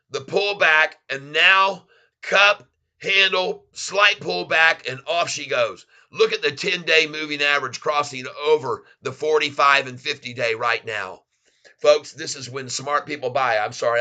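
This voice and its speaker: Hosting a casual live stream, an excitable Florida man with a Southern drawl gushes thanks to his viewers. His voice is very bright and forceful, pitched a bit high for a man.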